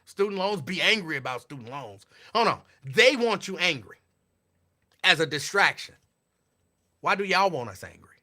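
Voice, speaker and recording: A man's voice: fairly high pitch, very animated, moderate pace, sharp tone. A man hosting a show, talking in casual commentary with a sarcastic, repetitive, preachy delivery. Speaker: host.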